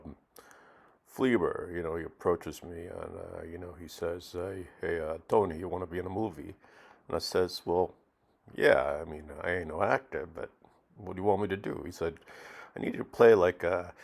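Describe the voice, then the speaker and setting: A man's voice: low-pitched, vocal fry. A man playing a streetwise, cigar-smoking male non-actor who rambles in slang with lots of fillers in a mock documentary interview.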